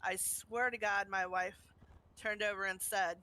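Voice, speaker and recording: Bright-voiced woman telling a memorial story. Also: mid-range voice, steady tone, a little slow. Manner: storytelling, laughs between lines. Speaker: roleplay community member.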